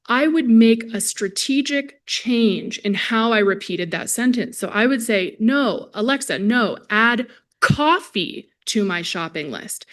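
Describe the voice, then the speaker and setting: A woman gives a lecture at a symposium, friendly and conversational as she speaks straight to the people in the hall. She is a speech-language pathologist, and her voice comes through a presenter microphone. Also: a little high. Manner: friendly, conversational, addresses audience directly. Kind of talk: conference lecture to a live audience.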